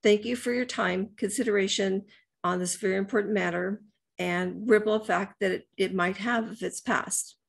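A woman's voice: mid-range voice, steady tone, moderate pace, vocal fry. An older woman reading a prepared public comment at a virtual hearing, with some stumbles, over a video call. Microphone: video call mic.

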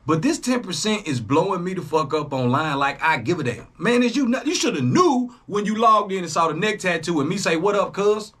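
Animated husky-voiced man ranting. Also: fairly quick, hardly any pauses. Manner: animated, profane, swings between loud jabs and low asides. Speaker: YouTube reaction host. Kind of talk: casual monologue to camera.

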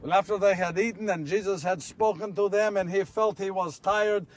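A man's voice: high-pitched, fairly even intonation, normal speed, distant mic, lightly acted. A man playing an earnest apostle who recalls miracles in a first-person monologue, telling the story and asking his listeners questions, recorded outdoors. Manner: storytelling, rhetorical questions to listeners, builds to shouts. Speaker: actor in a one-man biblical monologue. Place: outdoors on location.

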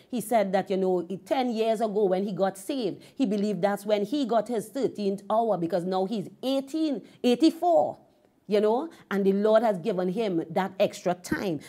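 Warm-voiced woman ministering. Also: medium pitch. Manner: emphatic storytelling. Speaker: host and minister. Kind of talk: devotional teaching.

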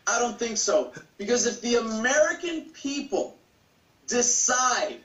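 A man argues his case with fervor as an interview guest, often repeating words to push a point. His voice sits high for a man. It sounds distant and roomy, as if he is recorded from across an echoey room. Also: a bit bright. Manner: passionate, argumentative, repeats words when pushing a point. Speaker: guest, political campaigner. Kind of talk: emphatic interview answers.

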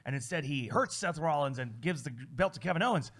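Male co-host, casual chat, lively recapper who slips into quick impressions, voice on the higher side. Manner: animated, recaps storylines with quick acted quotes.

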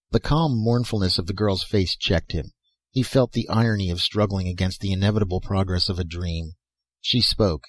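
An audiobook narrator reads a scripted story aloud in a measured, steady way, his male voice lowish and slightly husky. The recording is dry and close with no room sound.

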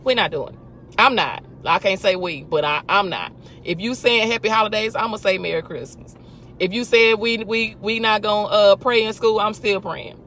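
A woman's voice: mid-range voice, moderate pace, fairly bright tone, slight background noise. A woman hosting a casual faith talk, emphatic and full of rhetorical questions. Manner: emphatic, rhetorical questions, talks back to imagined people. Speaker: host.

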